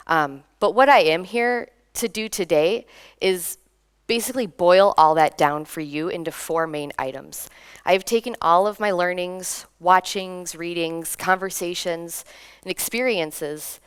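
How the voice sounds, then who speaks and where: A young woman from Minnesota giving a lively conference talk, laughing between points and drawing in the audience. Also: lowish voice, smooth. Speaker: conference speaker. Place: conference hall.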